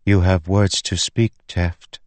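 A man's voice: low voice, level tone, takes it slowly, no echo. Brief: glowing female spirit, grave and insistent, slightly raised voice, acted by a male narrator. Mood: solemn.

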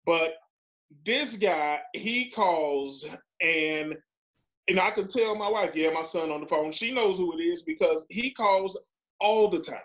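A man talking casually on a panel about young men he mentors, relaxed and chatty with small hesitations. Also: high-pitched, unhurried, rough recording. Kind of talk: casual conversation.

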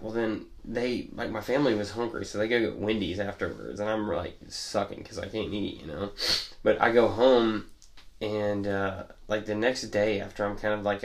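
A young man telling stories in a casual podcast chat, rambling and laughing often. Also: on the low side. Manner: laid-back rambling storyteller, laughs often. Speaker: podcast co-host.

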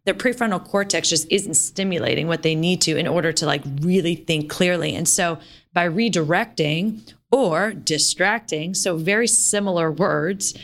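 A woman's voice: lowish voice, normal speed. A woman in her thirties co-hosting a parenting podcast in a casual, chatty way, full of "like" and "you know.". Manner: chatty, animated, lots of "like" and "you know" fillers. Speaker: podcast co-host.

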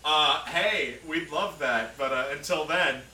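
A man's voice: a little high, slow pace, sharp tone. A man co-hosting a podcast in casual chat, joking and laughing between lines. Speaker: podcast co-host. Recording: roomy untreated room, mic at a distance, faint background noise.

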